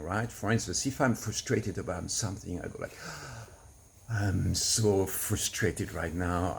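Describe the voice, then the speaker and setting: A man coaching to camera, explaining in an earnest, patient way and laughing softly now and then. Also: lowish voice, slightly rough. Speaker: relationship coach. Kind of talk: teaching to camera.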